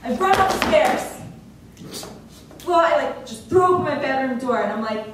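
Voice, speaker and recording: A woman's voice: high voice, lively intonation, moderate pace, background noise. A young woman telling a comedic story live on stage, laughing often as she goes. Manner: laughing often through her own story. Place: theater stage. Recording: very echoey hall from far off.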